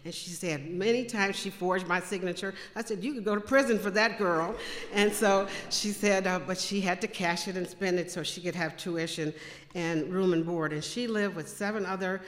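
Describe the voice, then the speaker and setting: A woman speaking to a congregation, telling personal faith stories and acting out the dialogue with big jumps in voice. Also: normal speed. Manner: animated, acts out quoted dialogue with big pitch jumps. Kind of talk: testimony storytelling to a congregation. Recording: echoey hall with long reverb.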